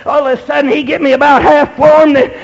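A man preaching a fervent testimony sermon in a church, shouting much of it, with a congregation answering now and then. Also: very high voice, level tone, fairly quick, creaky. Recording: dull lo-fi recording. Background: faint congregation responses.

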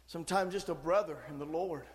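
A man preaching a sermon, moving between quiet teaching and shouted, fervent passages. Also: a little high, a little fast, long reverb tail.

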